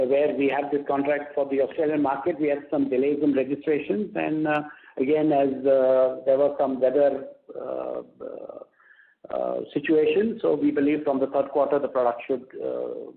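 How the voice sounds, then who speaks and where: A man's voice: mid-range voice, creaky. Indian man answering on a tinny phone line. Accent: Indian English. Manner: halting, many fillers and restarts. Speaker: company executive answering analysts. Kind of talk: earnings call answers.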